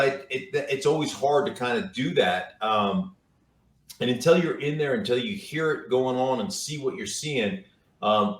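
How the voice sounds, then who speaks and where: A middle-aged man, a football analyst and guest, telling stories in casual chat, rambling with repeated words and fillers. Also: mid-range voice. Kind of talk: casual storytelling interview. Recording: roomy, distant mic.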